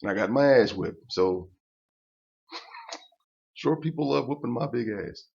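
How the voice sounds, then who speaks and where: An older man spins a rough personal tale in a blunt, profane rant, tripping over himself in stammered restarts. His voice sits in a middling pitch. The recording is dull and lo-fi. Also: animated, slow, darkish tone. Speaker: vlogger telling a personal story. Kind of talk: casual profane storytelling rant.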